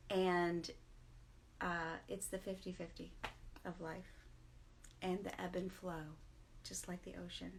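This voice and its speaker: A woman's voice: on the low side, a bit bright, a little hiss or hum. A middle-aged woman hosting a casual morning vlog, tired, chatty and self-mocking, laughing often as she talks. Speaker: vlog host.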